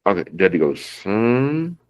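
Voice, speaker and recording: Lively male English teacher. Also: lowish voice, unhurried, clean tone. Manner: keeps checking in with "okay?", repeats words, addresses students fondly. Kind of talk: online English grammar lesson.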